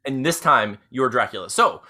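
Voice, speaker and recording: A man's voice: medium pitch, animated, normal speed, bright, forceful tone. A man co-hosting a comedy podcast, chatting casually in a rambling, giggly way. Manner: rambling, many restarts, giggly. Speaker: podcast co-host.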